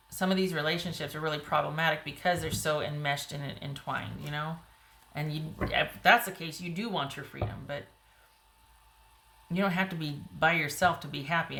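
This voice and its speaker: Low-voiced woman reading tarot, roomy. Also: vocal fry, a bit bright, a little hiss or hum. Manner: chatty, rambling, frequent "you know" and "like". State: voice getting hoarse. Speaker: tarot reader.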